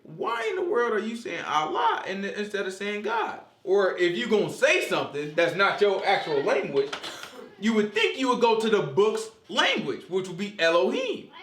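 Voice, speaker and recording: A man leading a casual Bible study discussion, talking in an animated, joking, conversational way. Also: high voice, moderate pace, reverberant.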